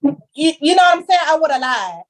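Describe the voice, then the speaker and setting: A woman's voice: sits high, sing-song, brisk. A young woman talking candidly as a podcast guest, telling her story with heavy slang and emphasis. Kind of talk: casual chat.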